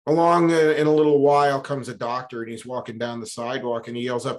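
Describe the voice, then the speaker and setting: A man who is a guest on an interview, a business coach talking in a relaxed, reflective way and telling stories with lots of "you know". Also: mid-range voice, fairly quick, hardly any pauses. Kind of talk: conversational storytelling.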